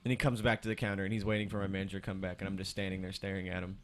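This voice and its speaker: A young man with a somewhat low voice spins an animated, profane story for his friends. He slips into the voices of the people he quotes, and his speech stays loose and conversational throughout. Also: racing. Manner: animated storytelling, acts out quotes, swears freely. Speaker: podcast co-host. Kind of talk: casual chat among friends.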